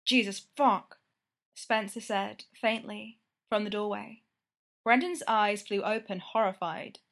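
A woman narrating a romance story with steady, intimate storytelling. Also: mid-range voice, measured pace, gravelly.

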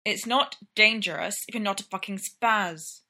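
A woman's voice: medium pitch, normal speed, pushed and bright, natural voice. A woman voicing a blunt, impatient young man with a dry, matter-of-fact delivery.

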